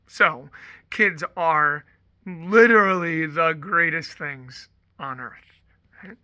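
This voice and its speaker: A man's voice: sits high, sharp tone, no echo. A man, a Catholic priest, giving a conversational homily full of storytelling and frequent asides of "right?". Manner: chatty storytelling, often asks "right?".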